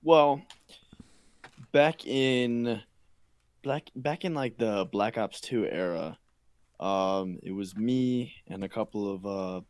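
A young man who is a guest on a podcast, talking in a halting way with many pauses and fillers. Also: lowish voice, darkish tone, clean tone, no echo. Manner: halting, full of ums and uhs. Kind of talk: casual podcast chat.

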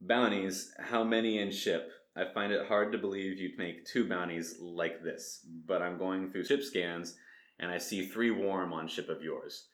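A man's voice: low voice, steady tone, a little slow, roomy sound. A man voicing a mocking male space bounty hunter with an Eastern European accent and broken English. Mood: taunting.

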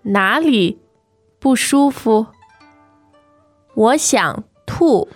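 Slow, light-voiced woman co-host. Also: a little high, expressive, no echo, faint music behind. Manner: laughs easily, slow careful model phrasing. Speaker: co-host and language teacher. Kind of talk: casual teaching chat with slow model phrases. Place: studio in China.

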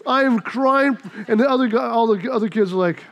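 A man preaching a sermon, telling a story with lively acted-out voices before he turns to his text. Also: very high-pitched, brisk, vocal fry. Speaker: pastor.

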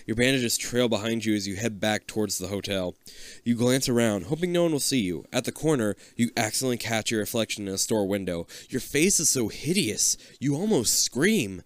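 A man's voice: brisk, no room sound. A man reading a choose-your-path book aloud for laughs, with casual swearing and jumpy put-on voices for the characters. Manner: lively, swings into squeaky put-on voices for quotes. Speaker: reader and co-host.

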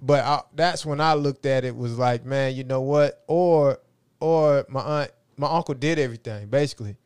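A man's voice: mid-range voice, moderate pace, a little mellow, clear, resonant tone, dry recording. A middle-aged man telling stories from his life in a rambling, casual way, often asking "you know what I'm saying". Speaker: interview guest. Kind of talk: casual storytelling.

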